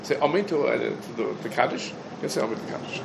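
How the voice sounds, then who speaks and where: A man's voice: medium pitch, lively intonation, quick pace, creaky, very noisy. A man teaching an informal halacha class, posing rhetorical questions and answering them, his talk dense with Hebrew terms. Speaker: Torah teacher.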